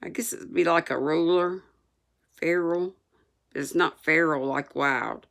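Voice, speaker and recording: A woman's voice: low-pitched, normal speed, gravelly, a bit bright. An older woman reading a classic novel aloud, adding homespun, chatty asides. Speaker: storyteller.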